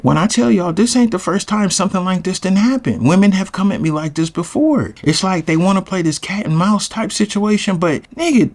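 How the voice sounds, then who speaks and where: A man casually telling a profane, animated personal story, his voice jumping high when he gets exasperated. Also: normal speed, hardly any pauses. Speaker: storyteller host.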